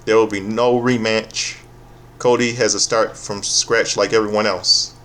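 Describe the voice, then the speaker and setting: A man's voice: on the low side, level tone, measured pace, fairly bright tone. A man giving a casual, profane, sarcastic recap of a wrestling show, often stopping and restarting his sentences.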